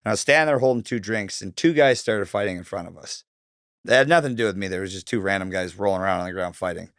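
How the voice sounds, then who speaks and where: Man from canada, 30s, casual profane storyteller, lowish voice, dry close sound. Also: fast talker, fairly bright tone, no echo. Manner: casual and profane, many likes and ums. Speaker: guest.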